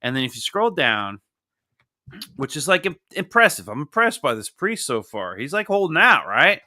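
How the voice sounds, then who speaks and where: Bright-voiced profane young man. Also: fairly high pitch, moderate pace. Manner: animated, profane, joking. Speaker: comic book review host. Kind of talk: casual podcast chat.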